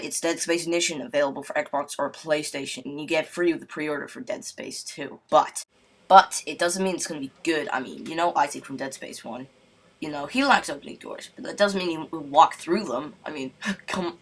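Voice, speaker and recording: A man's voice: fairly high pitch, normal speed, a bit bright. A man giving a casual, rambling game review voice-over, joking irreverently and filling gaps with "I mean, you know". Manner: wisecracking, irreverent.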